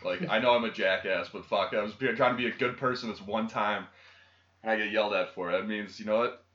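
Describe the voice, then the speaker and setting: A young man co-hosting a podcast in a low voice, rambling through profane stories. The sound is dull and lo-fi. It carries a roomy echo. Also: steady tone, fast, fairly bright tone. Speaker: podcast co-host. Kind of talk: casual chat. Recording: lo-fi echoey room.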